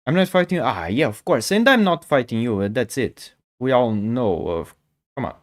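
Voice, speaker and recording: A Portuguese-speaking man with a medium-pitched voice and big pitch swings talks at normal speed. He chats casually with viewers on his chess stream, often stammering and repeating words.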